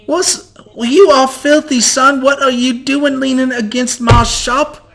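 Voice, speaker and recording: A man doing a shrill scolding shopkeeper. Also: fairly even intonation, measured pace, creaky, fairly bright tone, heavily acted. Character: gruff irritable adult male shopkeeper.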